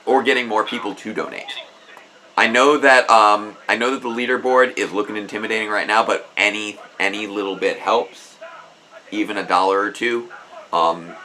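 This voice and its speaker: A man's voice: fairly low pitch, sharp tone, a little hiss or hum, poor audio. A man hosting a casual live stream, chatting with enthusiasm and often restarting his sentences. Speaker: host.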